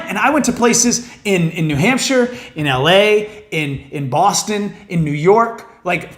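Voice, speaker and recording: High-voiced rambling comedian. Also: male voice, a bit bright. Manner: rambling, profane, full of fillers. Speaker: stand-up comedian, podcast guest. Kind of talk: casual comic storytelling. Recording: roomy echo.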